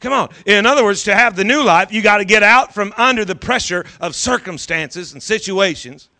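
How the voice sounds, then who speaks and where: Bright, high-voiced fervent male preacher. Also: animated, normal speed. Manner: fervent, repeats phrases for emphasis, urges the congregation. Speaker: pastor. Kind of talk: sermon.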